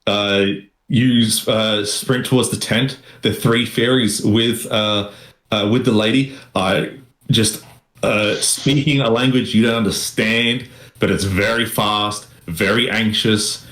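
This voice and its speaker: A young man running a tabletop game, talking slowly and pausing on filler sounds. His voice sits a little low and rings in a roomy, echoing space. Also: fairly even intonation, fairly bright tone. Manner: halting, with frequent uh fillers. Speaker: game master. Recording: roomy echo.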